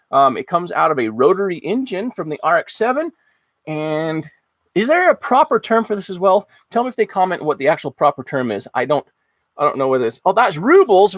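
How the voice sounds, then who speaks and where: Outdoors at home after rain, a man hosts a casual live-stream auction in a high-sitting voice with no room sound. He talks in an upbeat, rambling way, using lots of fillers.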